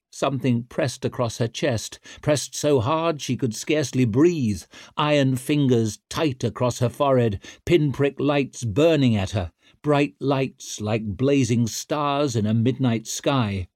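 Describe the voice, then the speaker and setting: A man narrating an audiobook in a slow, deliberate, steady way. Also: mid-range voice, dry recording, clean studio sound.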